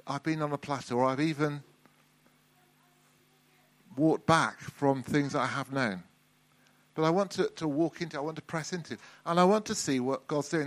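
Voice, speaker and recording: A middle-aged man preaching a sermon in a relaxed, conversational way, often restarting and repeating words. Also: fairly high pitch.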